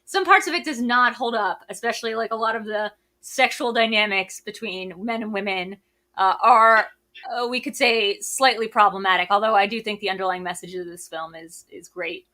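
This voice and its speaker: A woman co-hosting a casual movie chat, with a bright, forceful voice. She talks excitably, jumps between tangents, and reacts loudly to surprises. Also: medium pitch, normal speed. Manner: excitable, swears, reads live chat aloud. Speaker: co-host.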